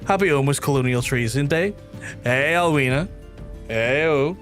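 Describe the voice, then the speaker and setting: A young man, chatting casually while playing a game, rambling and animated. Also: mid-range voice, unhurried, faint music behind. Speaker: streamer. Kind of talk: casual let's-play chat.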